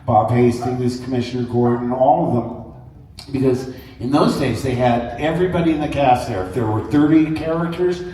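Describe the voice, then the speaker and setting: A man speaking as a guest on a convention panel, telling stories in an animated way, acting out voices and laughing often. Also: medium pitch, normal speed, a little hiss or hum. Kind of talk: anecdotal storytelling to an audience. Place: large convention hall. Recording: echoey hall from far off.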